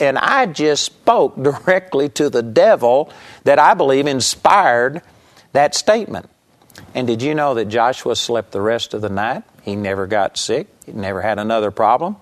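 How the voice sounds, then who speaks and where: A man's voice: mid-range voice, lively intonation. A man preaching a sermon and telling a personal testimony in an earnest storytelling manner. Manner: earnest storytelling, speeds up and slows down.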